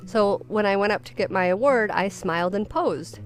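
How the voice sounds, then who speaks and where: A woman's voice: mid-range voice, normal speed, faint music behind. A woman co-hosting a podcast, reading listener stories aloud with amused giggles in a casual chat. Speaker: podcast co-host.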